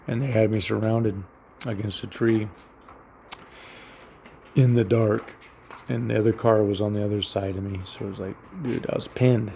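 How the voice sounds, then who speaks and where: A middle-aged man with a heavily gravelly, fry-laden voice recounts a personal story. He rambles, swears freely and keeps restarting his sentences. A faint ambient hiss sits under the recording. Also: medium pitch, steady tone, moderate pace, darkish tone.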